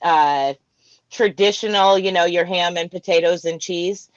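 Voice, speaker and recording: A woman's voice: fairly low pitch, unhurried, no echo, muffled recording. A woman from Florida, hosting a casual live chat, telling stories and laughing often. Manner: chatty storyteller, laughs often.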